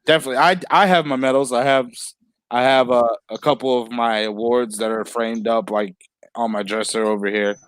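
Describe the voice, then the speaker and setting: A man's voice: medium pitch, fairly even intonation, fairly quick, clear, resonant tone, no room sound. A man hosting a casual video-call chat, rambling and laughing easily. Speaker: host.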